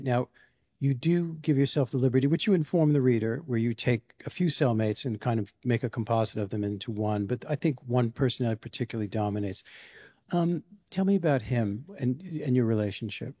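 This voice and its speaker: A male interviewer with a mellow voice at a medium pitch asks probing, thoughtful questions. He leads the conversation steadily and draws his guest out. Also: no echo, clean studio sound.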